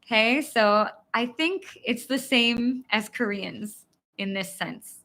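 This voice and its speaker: Bright, slow-talking American woman teacher. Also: fairly high pitch, animated. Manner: giggly, self-deprecating. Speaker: English teacher. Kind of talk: live-stream Q&A chat.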